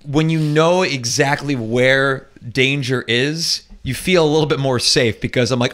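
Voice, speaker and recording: Man, from florida, casual talk show chat, storytelling, middle pitch. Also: measured pace, a bit bright. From Florida, USA. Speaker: co-host.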